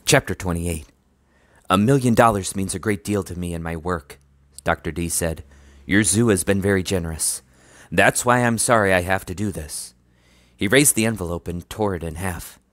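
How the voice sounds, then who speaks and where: A man's voice: moderate pace, no room sound. A man reading a children's book aloud, narrating and lifting his voice for the characters' lines. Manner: lively, raises pitch for dialogue. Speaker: audiobook reader.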